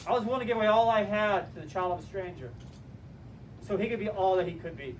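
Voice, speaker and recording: A man teaching a class, telling a story in an animated, direct and motivational way. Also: sits high, quick pace. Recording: distant mic with faint room noise.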